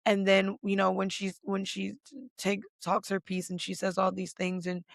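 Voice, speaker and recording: A woman hosting a podcast, recapping reality TV in casual, emphatic talk full of swearing and "like" fillers, and getting louder when she is indignant. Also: medium pitch, flat delivery, normal speed, creaky, dry recording, studio quality. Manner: fired up, rising loud when indignant. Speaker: podcast host.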